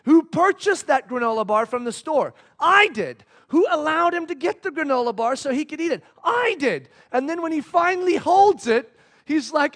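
Give me an emphatic man pastor with a fairly high voice telling a story in a sermon. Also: animated, moderate pace, a bit bright.

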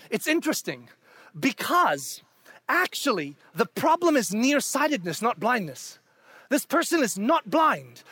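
A male pastor preaching a conversational sermon, asking the congregation questions and swinging between loud emphasis and hushed near-whispers. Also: very high voice, no echo.

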